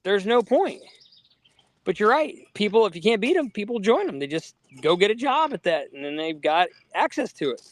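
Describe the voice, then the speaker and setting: A man co-hosting a casual podcast, telling stories in a lively way and acting out the people he quotes. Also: high voice, moderate pace, dry recording. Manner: animated storyteller, acts out quoted people. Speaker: podcast co-host. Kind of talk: casual storytelling chat.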